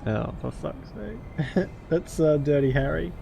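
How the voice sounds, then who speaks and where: Man with a gravelly voice reading a game aloud. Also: fairly high pitch, animated, slow, dark tone, a little hiss or hum. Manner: dramatic reading broken by cursing asides. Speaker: streamer playing a story game.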